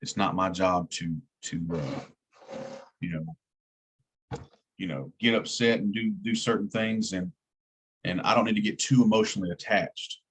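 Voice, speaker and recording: A man's voice: deep voice, a little slow, long pauses, slightly rough. A man teaching an EMT class in a plain-spoken way, repeating key words for emphasis. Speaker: EMT instructor. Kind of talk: classroom lecture.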